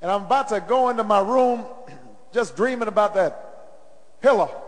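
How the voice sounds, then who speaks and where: Speaking at normal speed in a high voice, a middle-aged man running for president addresses a rally inside a large arena. His story grows into call-and-response chants, with the long reverb of the space audible throughout.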